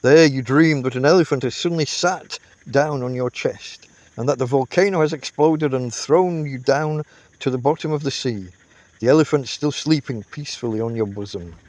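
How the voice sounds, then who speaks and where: A man reading a classic comic novel aloud as an audiobook, telling it in an unhurried, expressive way. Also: medium pitch, no echo. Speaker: audiobook reader.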